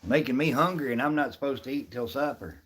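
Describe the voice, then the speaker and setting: A man's voice: medium pitch, fast, a bit bright, slightly rough. A middle-aged man casually chatting on a live stream, answering viewers by name in a folksy, easygoing way. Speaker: livestream host reading chat.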